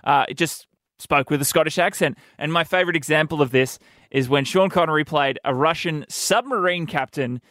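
A man hosting a comedy radio show, wisecracking with quick delivery. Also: a little high, fairly bright tone, no room sound. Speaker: radio host. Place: radio studio.

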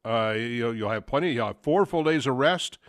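A man's voice: medium pitch, expressive, moderate pace, dry recording, clean studio sound. A man hosting a sports talk show, talking casually and rambling with many fillers and restarts. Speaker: sports radio host.

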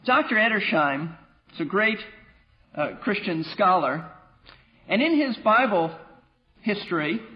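Animated high-voiced man teaching scripture. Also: muffled recording. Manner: animated and wry, with playful asides. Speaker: pastor teaching a Bible class. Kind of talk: lively Bible teaching.

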